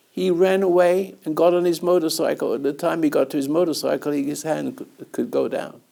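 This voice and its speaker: A man with a gravelly, dark, mellow voice tells long, rambling anecdotes in conversation. He chuckles now and then as he goes. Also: fairly high pitch. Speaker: host and spiritual teacher. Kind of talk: storytelling in conversation.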